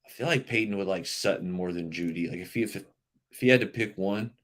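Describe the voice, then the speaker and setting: Low-voiced man hosting casual sports stream. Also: fairly quick, a bit bright. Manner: chatty, rambling, reacts to chat comments. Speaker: livestream sports show host.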